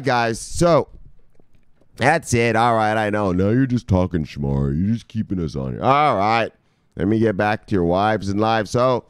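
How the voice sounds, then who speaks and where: A man hosting a casual crypto vlog, talking loosely and with profanity, shouting "bang" as a catchphrase. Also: lowish voice, animated, a little slow, smooth, no echo, clean studio sound. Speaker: crypto news host. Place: home studio in South Beach.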